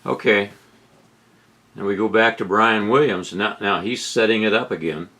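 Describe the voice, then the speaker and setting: A middle-aged man giving sarcastic political commentary over video clips, incredulous and rising to loud outbursts. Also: fairly low pitch, normal speed, a little hiss or hum. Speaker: commentary host.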